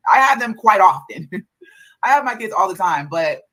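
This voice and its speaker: A woman's voice: mid-range voice, animated, moderate pace, a bit bright, rough recording. A mother telling a story in a casual vlog, exasperated and profane, repeating herself as she vents about her kids.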